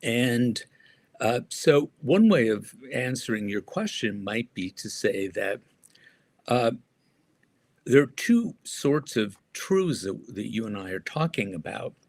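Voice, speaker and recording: A man answering interview questions as an author and guest, speaking thoughtfully with frequent pauses and restarts. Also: mid-range voice, sing-song, no echo.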